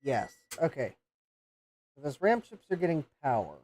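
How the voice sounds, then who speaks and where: A man's voice: fairly high pitch, very animated, moderate pace, a little mellow. A man hosting a live repair stream, thinking aloud and counting pins as he checks a circuit board. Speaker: host of a retro computer repair livestream.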